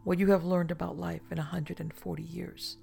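A reader gives voice to a young castaway man, earnest and curious in his questions. The voice stays gravelly and husky, with faint music behind. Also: mid-range voice, level tone, brisk, dark tone.

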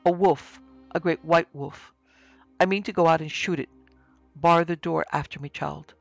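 A man reading aloud, voicing a bold grown forester who talks gruffly with a raised voice. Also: fairly high pitch, steady tone, normal speed, no echo, muffled recording, soft background music. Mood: alarmed, urgent.

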